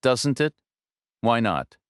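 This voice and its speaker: A man's voice: medium pitch, sing-song, takes it slowly, clear, resonant tone, dry recording, clean studio sound, pitched above the performer's own voice. A man voicing a determined young woman lawyer, earnest and persistent in her questions.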